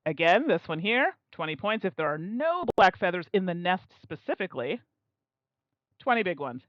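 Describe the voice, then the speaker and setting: A young woman streams a solo board game, thinking aloud in a chatty, self-mocking way and laughing often. Her pitch swings widely from line to line. The sound is dry and a little dull, from a desk mic. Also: sing-song, moderate pace, dry recording. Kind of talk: casual live-stream commentary.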